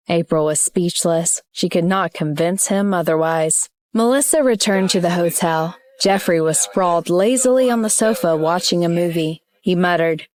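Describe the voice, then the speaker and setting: A woman narrating an audiobook in an even, steady reading voice. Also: fairly low pitch, normal speed, few pauses, no room sound, studio quality. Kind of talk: scripted narration.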